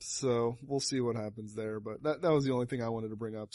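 A man's voice: medium pitch, fairly even intonation, fast, darkish tone, dry recording. Co-host, male, dry close sound, sarcastic gripe. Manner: sarcastic, grumbling, swears casually. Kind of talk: casual chat.

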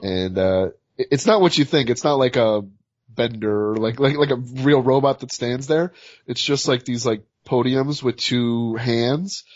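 A man's voice: mid-range voice, a little slow, no echo. A man co-hosting a podcast, rambling casually through news items with many fillers. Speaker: podcast co-host. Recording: slightly muffled dry sound.

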